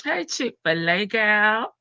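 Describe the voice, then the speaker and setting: Woman live-streamer with a bright, forceful voice, chatty and loose; dry, slightly dull lo-fi audio. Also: medium pitch, sing-song, takes it slowly, smooth, dry recording. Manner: chatty, greets viewers by name, reads articles aloud. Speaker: livestream host. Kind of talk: casual live-stream chat and news reading.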